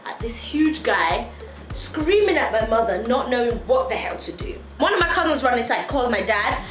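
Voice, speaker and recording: A woman vlogger telling a story in an animated way, laughing as she goes. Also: on the high side, moderate pace. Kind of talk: storytime vlog. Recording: echoey room, faint music.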